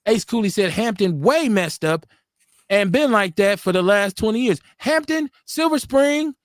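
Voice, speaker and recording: A man's voice: sits high, expressive, normal speed, no echo, studio quality. A middle-aged man from Milwaukee hosting a casual live-stream talk show, telling street stories with blunt, profane slang. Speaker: radio show host.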